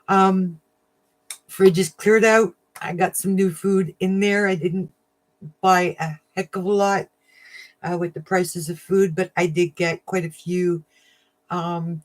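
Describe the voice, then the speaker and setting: A woman hosting a casual crafting livestream, chatting warmly with viewers, getting emotional and laughing often. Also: lowish voice. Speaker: livestream host of a crafting channel.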